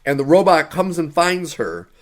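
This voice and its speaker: A man co-hosting a casual podcast, ranting about a film he hated. His voice sits a little high for a man, and he talks in an exasperated, sarcastic way. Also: big pitch swings, normal speed. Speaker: podcast co-host. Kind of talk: casual podcast movie review.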